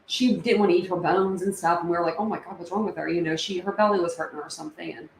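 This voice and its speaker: A woman's voice: on the low side, fairly even intonation, quick pace, creaky. A woman hosting a casual livestream, chatting and reading viewer comments with lots of fillers and open feeling. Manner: chatty, emotional, many fillers. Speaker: livestream host. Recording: echoey room with faint ambient noise.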